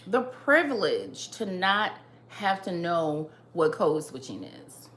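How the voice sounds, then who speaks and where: A woman delivers an emphatic opinion monologue with a lively, swooping pitch and an unhurried pace. She lectures her listeners and hammers each point by repeating it. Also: roomy sound, a little hiss or hum. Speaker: host.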